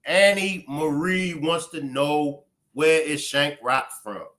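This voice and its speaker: A man with a thick Baltimore accent runs a livestream in a blunt, profane, fiery way. His voice is bright and forceful, and it sits fairly high for a man. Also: takes it slowly. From Baltimore, USA. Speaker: livestream host. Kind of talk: casual livestream commentary.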